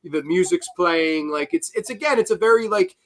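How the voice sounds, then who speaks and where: A man's voice: high voice, moderate pace, a bit bright. A man hosting a podcast, chatting casually and emphatically about what he loves. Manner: enthusiastic, emphatic. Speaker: podcast host. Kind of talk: casual chat.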